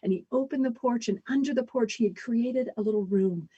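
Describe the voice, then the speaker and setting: A woman performs a story live, measured and full of dramatic pauses. Her voice is mellow and soft, with a husky edge. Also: fairly high pitch, highs cut off.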